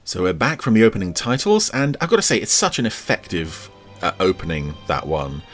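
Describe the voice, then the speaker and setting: A man's voice: low-pitched, very animated, brisk, music in the background. A man hosting a podcast, giving chatty, enthusiastic commentary over an old TV episode. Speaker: podcast host.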